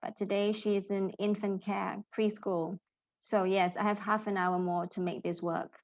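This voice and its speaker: Woman in her 30s doing a pronunciation lesson, talks real slow and careful, kinda dull lo-fi sound. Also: medium pitch, level tone, a little mellow. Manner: deliberate, clearly enunciated model sounds. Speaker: English pronunciation teacher.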